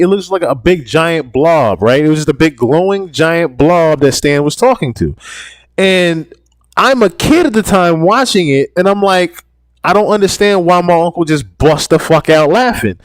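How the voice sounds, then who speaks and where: A man's voice: on the high side, no echo. A man in his thirties hosting a podcast solo, rambling and swearing as he comments. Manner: rambling, profane, repeats himself. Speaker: podcast host.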